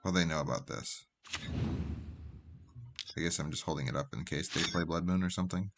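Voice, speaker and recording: Man, deep voice, live-stream game commentary, rambling, thinking aloud. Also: a little fast, noisy background. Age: adult with a job. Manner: rambling, thinks aloud with fillers and trailing asides. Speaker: streamer playing a card game.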